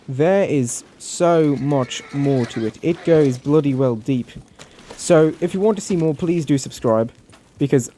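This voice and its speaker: A man's voice: a little high, slight background noise. A young man, chatting casually and animatedly to his viewers. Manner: animated, chatty, self-deprecating. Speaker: channel creator.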